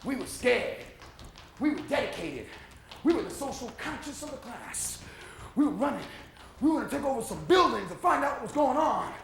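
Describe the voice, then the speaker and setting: High, bright-voiced New storyteller man. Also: sing-song, normal speed, vocal fry, slight background noise. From Puerto Rican, raised in New York. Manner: loud, punchy storytelling. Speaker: solo performer. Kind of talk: comic one-man stage monologue. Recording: echoey room with faint ambience.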